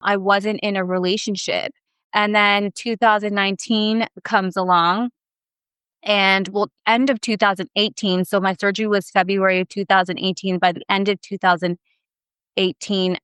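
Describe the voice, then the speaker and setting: A woman in her thirties, a podcast guest, telling a personal story in casual chat, animated and emotional, with lots of fillers. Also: medium pitch, unhurried, clean tone, no echo.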